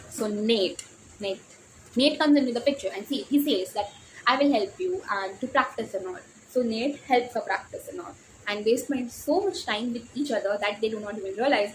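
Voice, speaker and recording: A teenage girl from India with an Indian English accent, gushing excitedly about romance novels in a casual book vlog, often restarting her sentences. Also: medium pitch, a little hiss or hum, poor audio. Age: teens. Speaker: book vlogger.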